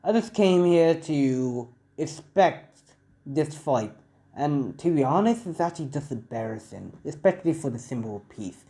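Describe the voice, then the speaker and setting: Man voicing an aloof teen boy hero, cold, flat and dismissive, mellow voice, fan audio story. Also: a little high, moderate pace.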